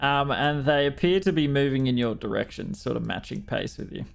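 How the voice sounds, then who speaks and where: Australian man, game master, unhurried, gravelly, middle-pitched. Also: animated. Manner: unhurried, fumbling with software between rulings. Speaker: dungeon master. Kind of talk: running a tabletop game online.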